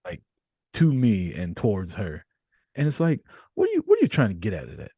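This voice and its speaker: Husky low-voiced man telling profane stories. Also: a little fast, no room sound, studio quality. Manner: profane, storytelling, animated. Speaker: podcast host. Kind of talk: casual chat.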